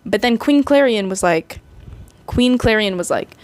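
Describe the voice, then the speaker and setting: A woman's voice: medium pitch, expressive, a little slow, a little mellow, no room sound. Chatty young woman, dry close sound. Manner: rambling, chatty, lots of fillers. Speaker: vlogger. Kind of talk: casual movie recap.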